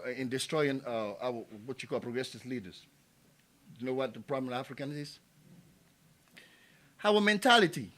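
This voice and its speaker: A man's voice: sits high, bright, forceful tone. A man from Ivory Coast, giving an impassioned tribute speech at a community event and building to emphatic, repeated calls. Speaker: community speaker. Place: small cafe event space.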